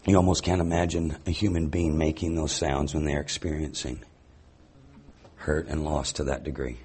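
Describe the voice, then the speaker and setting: A man's voice: extremely low pitch, level tone, normal speed, darkish tone, slight background noise. A man teaching a sermon, reading scripture aloud and reflecting on it with rhetorical questions. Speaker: Bible teacher.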